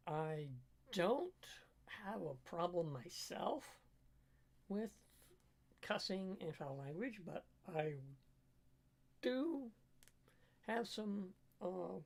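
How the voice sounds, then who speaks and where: Husky, gravelly middle-aged man rambling. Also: high voice. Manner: rambling, halting, firmly opinionated. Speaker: cook and livestreamer. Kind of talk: casual livestream chat. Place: home kitchen.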